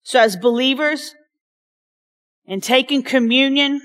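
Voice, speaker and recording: A woman pastor, preaching a sermon, passionate and emphatic with soft asides. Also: sits high, a little slow.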